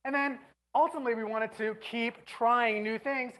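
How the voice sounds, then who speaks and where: A woman giving an animated, exasperated on-stage storytelling speech, now and then breaking into shouts. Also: fairly high pitch, moderate pace, poor audio. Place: stage before an audience.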